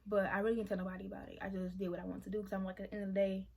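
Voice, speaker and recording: A young woman of about twenty talks straight to her camera, venting in a loose, conversational way. Her voice sits at an ordinary middle pitch. She swears freely as she speaks her mind. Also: flat delivery, racing, mellow, slightly rough. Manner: emotional, venting, frank with swearing. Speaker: vlogger. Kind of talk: casual confessional vlog.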